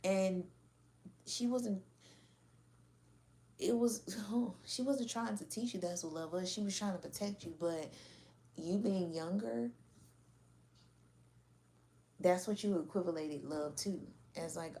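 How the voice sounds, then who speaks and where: A woman's voice: medium pitch, animated, a little slow, creaky, warm tone. A woman giving a casual spoken reading in a blunt, slangy, frank manner. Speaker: tarot reader.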